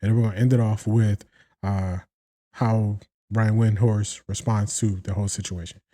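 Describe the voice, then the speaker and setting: Man, American, sports show host, casual breakdown, very dark mellow voice, talks to viewers, acts out quotes. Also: lowish voice, moderate pace. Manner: animated, acts out quotes, addresses viewers directly.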